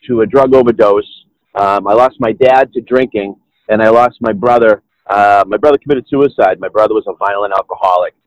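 He's a middle-aged podcast guest with a Boston accent, from the Boston area of New England, speaking in a mid-range voice. In casual conversation he rambles through his story, restarting frequently and leaning on "you know." The recording is dry and muffled.

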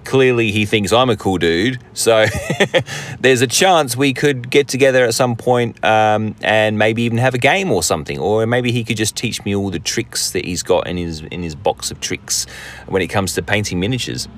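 An Australian man hosts a podcast in a casual, rambling monologue, full of jokes and self-mockery. His voice sits a little low. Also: moderate pace. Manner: rambling, jokey, self-deprecating, many fillers and restarts. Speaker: podcast host.

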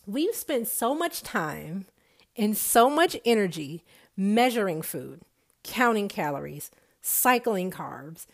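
A woman giving an emphatic motivational talk to an audience, repeating her points for effect. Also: on the high side. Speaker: speaker on nutrition.

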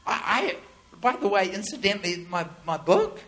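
High-voiced animated male preacher. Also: normal speed. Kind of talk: sermon with storytelling.

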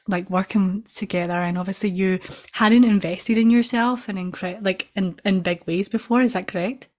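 A woman hosting a coaching podcast, posing long, reflective questions to her guest. She circles around her point with frequent "like" fillers. Her pitch sits in the middle range. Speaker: podcast host, business coach. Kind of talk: conversational interview questions.

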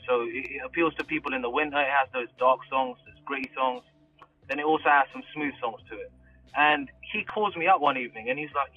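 A man's voice: on the high side, highs cut off. A man from the UK, a rapper guest, chatting casually and laughing easily. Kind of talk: casual interview chat.

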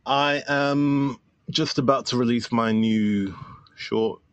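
A man's voice: medium pitch, slow, clear, resonant tone, no echo, highs cut off. A man guest on a podcast, talking casually and enthusiastically with many fillers about his film. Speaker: filmmaker guest.

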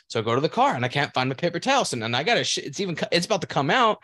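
A man's voice: medium pitch, animated, very fast, few pauses, sharp tone, dry recording. A man co-hosting a casual podcast, telling a crude story at length, rambling and laughing as he goes. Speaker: podcast co-host.

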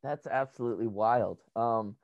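Man, interviewer, halting questions, dry close sound, dull lo-fi. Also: mid-range voice, a little mellow, no room sound. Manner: hesitant, repeats words while asking. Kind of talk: casual interview conversation.

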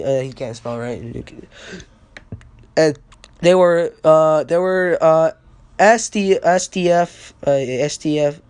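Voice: medium pitch, a little slow, clean tone. Young rambling podcast ranter on a phone. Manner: excitable, profane, storytelling with quotes. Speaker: podcast host. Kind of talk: rambling casual rant. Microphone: phone without a mic.

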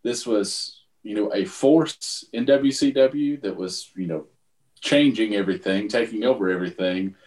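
Low-voiced man in an echoey room. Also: moderate pace, a little mellow. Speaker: podcast host asking the questions. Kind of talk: casual chat.

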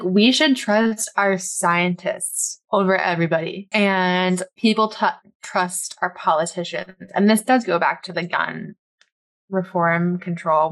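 A woman co-hosting a podcast, talking casually with an exasperated, opinionated edge. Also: on the low side. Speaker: podcast co-host.

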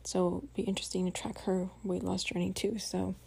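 Tired, chatty woman with a mellow, husky voice. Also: on the low side, little pitch movement, fairly quick. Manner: chatty, venting, many "like" fillers, swears. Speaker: podcast host. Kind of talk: casual spoken diary. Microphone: home voice recording.

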